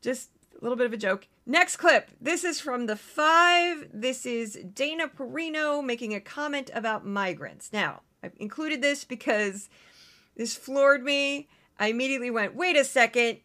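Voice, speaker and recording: A woman hosting a commentary podcast, chatting casually with quick asides and frequent laughter. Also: high-pitched, pushed and bright. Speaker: podcast host.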